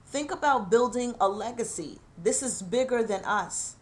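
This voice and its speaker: A woman's voice: fairly high pitch, animated, moderate pace. A middle-aged woman host giving an earnest, encouraging personal talk, emotional and holding back tears. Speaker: show host.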